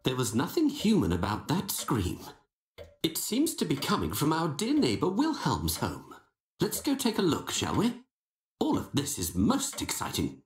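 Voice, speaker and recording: Sherlock Holmes, witty and theatrical. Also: female voice, low-pitched, huge pitch swings, normal speed. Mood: wry. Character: Sherlock Holmes, brisk confident detective. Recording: game audio, echoey with music.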